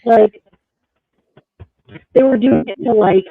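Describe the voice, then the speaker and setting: A woman in casual live book chat, joining over a call, quick with questions. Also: a little high. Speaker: book discussion panelist. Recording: tinny call line.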